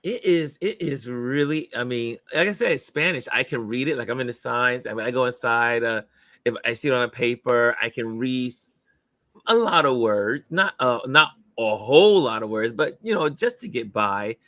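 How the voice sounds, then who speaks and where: A man's voice: mid-range voice, lively intonation, normal speed, pushed and bright, dry recording. Chatty upbeat man hosting a live stream. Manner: upbeat, chatty, laughs often while greeting viewers. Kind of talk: casual chat.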